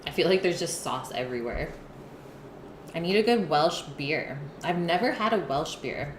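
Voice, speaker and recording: A woman talks casually to her stream chat while she eats, pausing between bites to read messages. Her voice sits a little low for a woman. The sound is roomy, with clear background noise in a home kitchen. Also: animated. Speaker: live-stream cooking host.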